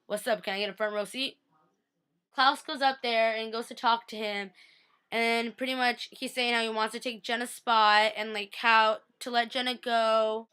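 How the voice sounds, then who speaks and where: Bright, chatty woman vlogger. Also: fairly high pitch, normal speed, clear, resonant tone. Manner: chatty, animated, lots of fillers. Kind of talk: casual TV recap vlog.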